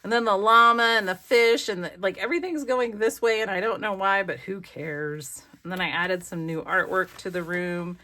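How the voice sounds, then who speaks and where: A woman's voice: medium pitch, normal speed, hardly any pauses, bright, forceful tone. A woman craft vlogger chatting casually as she flips through her pages, rambling and gushing over favorites. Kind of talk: casual flip-through commentary. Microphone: desk camera.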